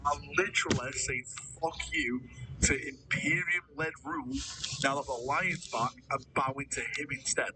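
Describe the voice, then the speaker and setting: A man's voice: on the high side, distant mic, noisy background. A man chatting casually on a livestream, answering viewers, calling them mate and swearing freely. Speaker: livestreamer reading chat.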